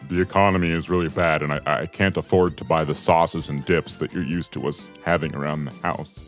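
A man's voice: very deep voice, fairly even intonation, brisk, faint music behind, voice pushed down. A man voicing a broke, apologetic father in a comedy ad skit. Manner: apologetic, defeated. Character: sad broke middle-aged dad in an ad skit.

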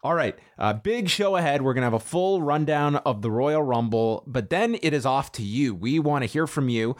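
A man's voice: medium pitch, lively intonation, normal speed. A man co-hosts a podcast in loose, casual chat, his humor dry and sarcastic. His voice sits in an ordinary middle range. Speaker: podcast co-host.

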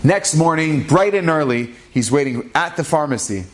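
Man telling a story with animated delivery. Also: a little high, moderate pace. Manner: animated, acts out the characters' lines. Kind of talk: spoken storytelling.

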